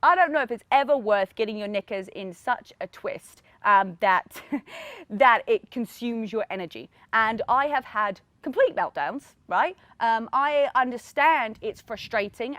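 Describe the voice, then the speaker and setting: An energetic woman speaks in a fairly high voice, hosting a motivational podcast on her own. She talks in a lively, encouraging way, often checks in with "right?" and laughs now and then. The sound is close and dry, with no room around it. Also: dry recording. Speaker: podcast host. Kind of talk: motivational solo podcast talk.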